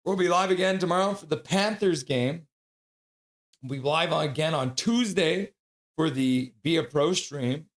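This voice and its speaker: A man hosts a live fan stream in a loose, chatty way. His voice sits a little high for a man. He runs through chat messages and donations one after another. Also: a little slow. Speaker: streamer host. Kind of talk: casual stream sign-off, reading chat.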